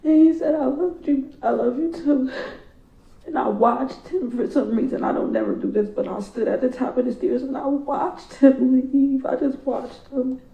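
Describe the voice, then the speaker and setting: A tearful woman speaking to a courtroom in a halting, grief-stricken way, her voice breaking, recorded as echoey, muffled courtroom audio. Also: high voice, fairly even intonation, gravelly. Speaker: victim's relative giving a statement in court. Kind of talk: emotional victim impact statement.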